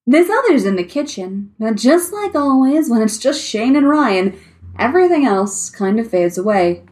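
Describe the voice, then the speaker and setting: A woman reading fan fiction aloud with expressive storytelling. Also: a little high, normal speed. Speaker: story reader.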